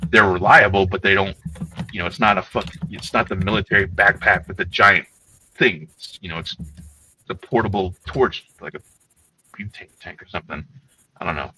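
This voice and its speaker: A man's voice: deep voice, moderate pace, slight background noise, low-quality recording. A man co-hosting a livestream, telling rambling, profane stories in casual chat. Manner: rambling, profane, animated storytelling. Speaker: co-host.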